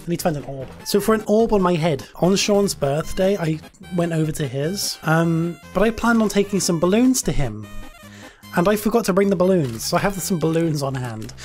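A woman's voice: on the low side, expressive, moderate pace, darkish tone, soft background music. A young British woman chatting casually while playing a game, with lots of "like". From United Kingdom. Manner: chatty, uses "like" a lot. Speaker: streamer. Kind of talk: casual let's play chat.

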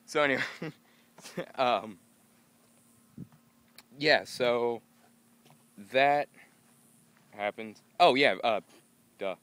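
A man's voice: medium pitch, slow pace, pauses often, no echo. Rambling, goofy young man outdoors. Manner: rambling, goofy, bursts into excited yelps. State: tired. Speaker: vlogger. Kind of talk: casual vlog chat.

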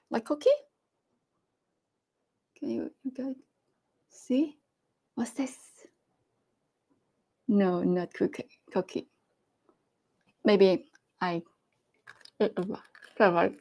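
Slow-talking woman hosting a livestream. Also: medium pitch, gravelly, mellow. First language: Cantonese. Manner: slow, halting, laughs often. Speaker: livestream host. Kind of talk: casual live-stream chat.

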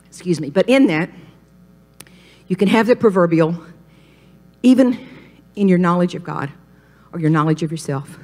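A woman's voice: normal speed, pauses often. Older woman preaching in folksy style. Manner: animated, folksy storytelling with sudden rises in pitch. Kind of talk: sermon. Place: women's retreat gathering.

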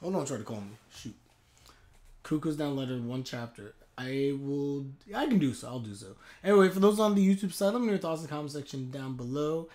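A man streaming a live anime reaction, talking in an excitable, animated way. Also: on the high side, fairly quick.

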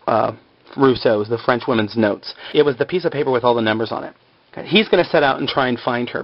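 Casual male recapper who rambles with lots of fillers, mid-pitched voice, muffled lo-fi sound. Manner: rambling, filler-heavy, laid-back. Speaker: show recapper. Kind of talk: casual retelling of a TV episode.

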